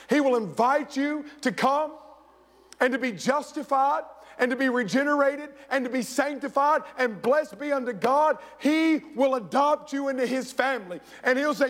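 Man, pastor, sermon, storytelling, voices the people he quotes, high-pitched, reverberant church hall. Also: moderate pace, a bit bright. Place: church sanctuary.

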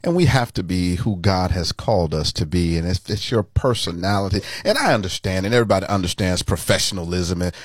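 A man's voice: sits low, brisk, few pauses, dry recording, studio quality. A man, a pastor hosting an interview, folksy and laughing along with his guest. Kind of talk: casual interview.

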